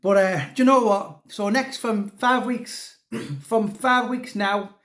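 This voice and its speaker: A man's voice: high voice, slow, fairly bright tone. A man talking casually about his new book, rambling and chatty, with many restarts and fillers. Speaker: author. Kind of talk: casual chat.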